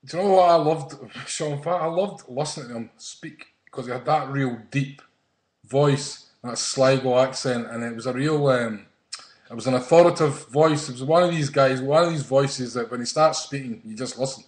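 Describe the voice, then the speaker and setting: A man's voice: medium pitch, moderate pace. Man hosting, roomy sound. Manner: chatty, rambling, searching for words. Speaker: podcast host. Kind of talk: casual chat. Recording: roomy echo.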